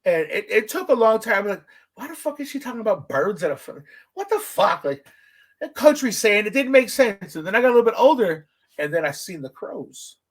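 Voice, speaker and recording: A man hosting a podcast, telling stories in a casual, profane, animated way. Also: fairly quick. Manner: animated, profane storytelling with big pitch swings. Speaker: podcast host.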